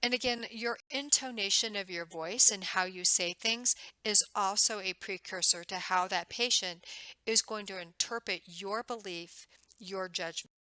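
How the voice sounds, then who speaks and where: A woman's voice: mid-range voice, unhurried, pushed and bright, dry recording, low-quality recording. A woman instructor giving a recorded lecture in a conversational way, acting out the questions she would ask patients. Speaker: nursing instructor.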